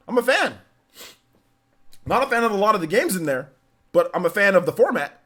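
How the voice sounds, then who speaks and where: A young man chatting casually on a live stream, animated and quick to laugh, often repeating himself as he reads chat. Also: high voice. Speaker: streamer reacting and reading chat.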